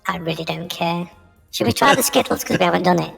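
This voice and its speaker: Player, woman, strong vocal fry, echoey room sound, faint music. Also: fairly low pitch, lively intonation, fast. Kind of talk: casual chat while playing a tabletop game.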